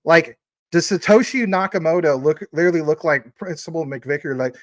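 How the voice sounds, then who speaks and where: A man's voice: a little high, brisk, dry recording. Chatty, rambling man in his forties. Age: 40s. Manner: rambling, chatty, full of fillers and thanks to viewers. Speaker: crypto livestream host. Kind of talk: casual livestream chat, reading viewer super chats.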